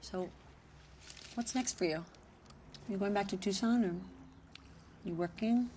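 An actress playing a concerned young woman who asks gentle, probing questions and laughs often, outdoors by a lake. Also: medium pitch, a little slow, natural voice. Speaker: film character. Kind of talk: naturalistic film acting. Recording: noisy outdoor film sound.

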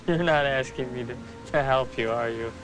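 An actor playing a sleep-deprived, grieving young widower who answers defensively and sarcastically. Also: male voice, medium pitch, normal speed, lightly acted, low-quality recording. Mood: sheepish. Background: film score music.

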